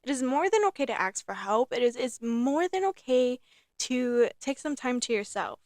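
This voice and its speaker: A woman's voice: fairly high pitch, very animated, normal speed, a little mellow, no echo, clean studio sound. Chatty young woman podcasting solo. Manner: rambling, repeats herself, many fillers. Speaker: podcast host. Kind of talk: casual solo podcast chat.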